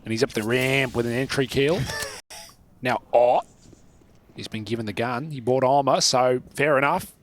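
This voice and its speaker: A man's voice: mid-range voice, normal speed, a little hiss or hum. Playful man doing esports colour commentary. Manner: playful, teasing, excitable. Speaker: esports caster.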